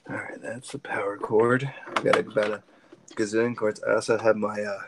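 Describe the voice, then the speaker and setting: A man's voice: lowish voice, level tone, normal speed, noisy background. A man chatting and joking over a video call, rambling and muttering to himself while fixing his computer. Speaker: guest artist. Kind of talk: casual chat during a video call.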